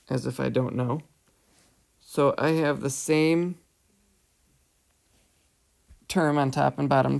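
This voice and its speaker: A man's voice: medium pitch, vocal fry, darkish tone. A man teaching a whiteboard math lesson, patiently talking through each step and checking in with "right?". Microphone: headset or tablet mic, voice-over screencast.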